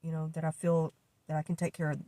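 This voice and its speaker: Halting, emotional older woman. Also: low voice, little pitch movement, mellow. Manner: halting, emotional, many fillers and restarts. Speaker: vlogger. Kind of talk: personal vlog monologue.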